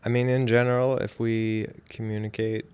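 A man's voice: lowish voice, little pitch movement, normal speed, a little mellow, clear, resonant tone. A man, a guest on his wife's podcast, talking in a laid-back, hesitant way with dry humor. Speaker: guest, host's husband. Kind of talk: casual chat.

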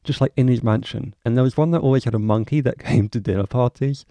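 Young male podcast host, gravelly and mellow, loose rambling monologue with plenty of swearing, dry close-mic sound. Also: medium pitch, quick pace, dry recording. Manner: rambling, swears freely, self-mocking asides. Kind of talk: casual solo podcast monologue.

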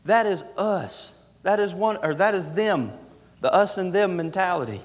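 A man with a high voice preaches a sermon to his congregation, hammering his points by repeating them. His voice rings out with a long reverb, filling the church sanctuary. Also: expressive, moderate pace. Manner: emphatic preaching, repeats phrases for effect. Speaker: pastor.

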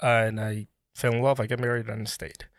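A man from Colombia, a native Spanish speaker, telling his story as a podcast guest in an animated way, often restarting his sentences. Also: on the low side, moderate pace, no room sound, clean studio sound. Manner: animated, restarts often, bursts into laughing exclamations. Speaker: podcast guest, brand founder. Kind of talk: casual interview storytelling.

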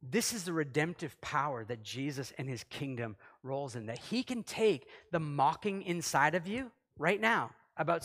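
Conversational pastor in an echoing hall. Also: male voice, a little high. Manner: conversational, acts out quotes, swings loud and soft. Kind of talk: sermon. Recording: long hall reverb.

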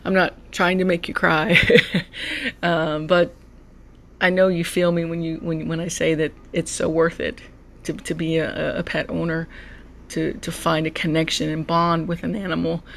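A podcast host in a heartfelt solo monologue, speaking with a gravelly, fry-edged voice at a middle pitch. The talk is emotional and personal. Words are often repeated and restarted. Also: monotone, moderate pace, a little hiss or hum. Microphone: podcast mic.

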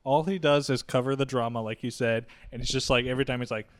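A man's voice: mid-range voice, steady tone, fast, clean tone. Laid-back young man, podcast chatter. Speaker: podcast co-host. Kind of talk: casual chat.

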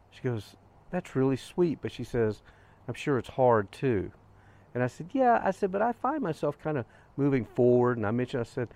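Older man, vlog host, earnest and gentle storyteller, mid-pitched voice, reflective pacing. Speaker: grief podcast host. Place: outdoors on a hiking trail.

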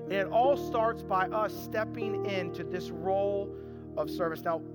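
A man with a high-sitting voice preaches at a measured pace from a church sanctuary, where band music rings through the reverberant hall. As pastor, he is earnest and emphatic, acting out quoted voices and repeating phrases for emphasis.

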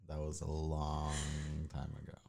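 A man in his thirties co-hosting a casual chat, relaxed, with short replies and easy laughs. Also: extremely low pitch, gravelly. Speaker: podcast co-host.

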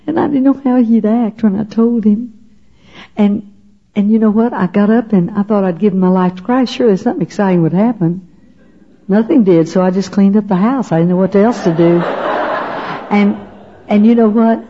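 An older woman gives her testimony in a homespun, storytelling manner, asking her listeners questions as she goes. Her voice is husky and mellow. The recording sounds dull and lo-fi. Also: mid-range voice, moderate pace. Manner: folksy storyteller, often asks "you know what?". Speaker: speaker giving her testimony. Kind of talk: personal testimony to an audience.

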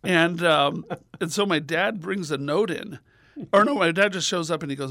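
A man telling a funny story as a guest on a radio show, lively and animated, acting out other people's voices with big jumps in pitch. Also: normal speed, vocal fry, no room sound, studio quality.

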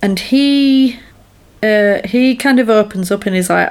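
A woman's voice: medium pitch, unhurried. Woman co-host, chatty film recap, acts out the dialogue. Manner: animated storyteller who acts out characters' lines. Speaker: podcast co-host. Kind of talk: casual chat recapping a film.

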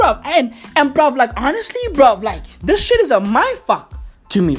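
A woman ranting profanely into a microphone, full of slang, swearing and loud laughter at her own jokes. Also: high-pitched, big pitch swings, measured pace, breathy edge, soft background music. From South Africa.

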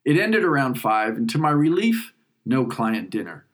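A man's voice: medium pitch, sing-song. A man tells his own story in a mid-range voice. He narrates reflectively and with feeling, letting moments breathe. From New York. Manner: reflective, emotional, unhurried. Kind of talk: first-person story narration.

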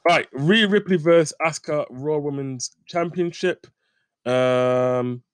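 A man's voice: mid-range voice, no echo, studio quality. A man co-hosting a casual chat, laid-back and blunt, often restarting his sentences. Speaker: podcast co-host. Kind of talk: casual chat about wrestling.

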